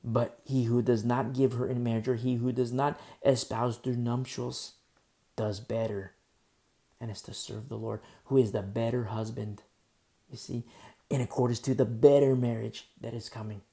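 Male preacher, gravelly fry, repeats phrases, asks rhetorical questions. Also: mid-range voice, level tone, moderate pace, warm tone. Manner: teaching verse by verse, repeating key phrases for emphasis. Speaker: pastor. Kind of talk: sermon.

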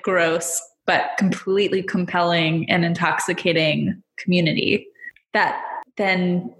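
A woman's voice: lowish voice, a bit bright, roomy sound. A woman co-hosting a podcast in casual chat, with a dry, wry humor. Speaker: podcast co-host.

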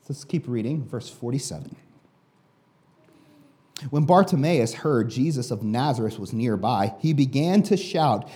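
A man's voice: mid-range voice, lively intonation, measured pace, mellow. A male pastor giving a sermon in a casual, conversational way with many fillers.

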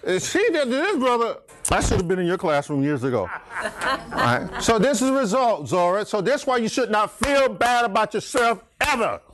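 Man, middle-aged, playful Bible study teacher, teasing, high pitch, swooping delivery. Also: big pitch swings, normal speed, a bit bright. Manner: joking, teasing listeners, laughing often. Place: church.

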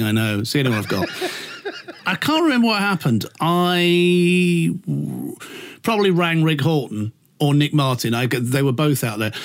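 A man's voice: fairly high pitch, fairly bright tone. A middle-aged man with a Liverpool accent, a radio presenter being interviewed, camp and flamboyant, swearing freely as he tells stories. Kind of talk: anecdotal interview chat.

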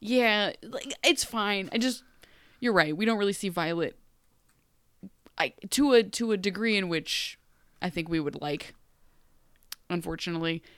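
A woman's voice: mid-range voice, animated, measured pace, pauses often, a bit bright, smooth, dry recording. A woman from Ohio co-hosting a podcast, joking and rambling through a TV episode recap. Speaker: podcast co-host. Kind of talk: casual TV recap chat.

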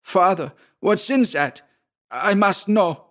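A nervous, evasive young son, cornered by his father, as a man puts him on. His voice sits noticeably higher than the reader's own. Hushed and anxious, he turns stubborn when pressed. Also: lively intonation, a little slow, vocal fry, exaggerated voice. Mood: determined.

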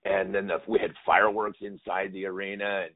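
A sports superfan joins as a guest for a casual storytelling interview, rambling emotionally and leaning hard on "you know." His voice is low, gravelly, and flat, a little fast, and the remote audio sounds like it's coming over a phone.

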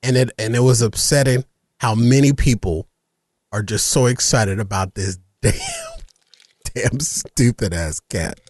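A man hosting a casual podcast chat, animated and laughing often. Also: mid-range voice, measured pace, dry recording, clean studio sound. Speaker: show host.

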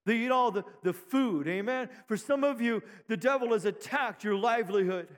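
A high-voiced man preaching in a church, his words ringing with a long hall reverb. He is a middle-aged pastor who builds to shouts, calls out "amen" and jokes with the people before him. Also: moderate pace. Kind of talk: sermon. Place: church sanctuary.

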